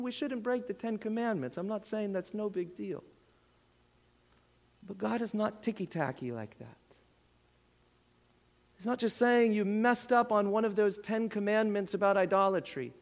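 A man's voice: high-pitched, moderate pace, big-room sound. A man preaching a sermon as pastor, earnest and building to impassioned appeals, at times dropping almost to a whisper.

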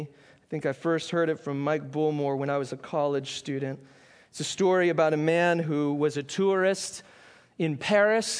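A man preaching a sermon, earnest, asking the congregation questions and slowing down to stress key points. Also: high voice, clean tone. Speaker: pastor.

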